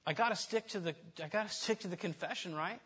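A man's voice: high voice, quick pace, fairly bright tone, breathy edge. A man giving an informal sermon in a candid, self-deprecating, conversational way, often restarting his sentences. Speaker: preacher.

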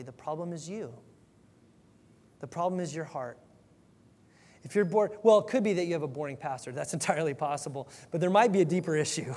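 A man's voice: a little high, darkish tone. A male pastor giving an earnest, conversational sermon, often restarting his sentences. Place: church sanctuary. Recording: long hall reverb.

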